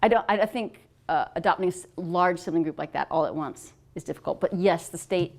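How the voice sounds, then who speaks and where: Woman, middle-aged, lively storyteller, laughs often, casual talk. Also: fairly low pitch, brisk, creaky. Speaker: author and adoptive mother. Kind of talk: casual talk answering questions.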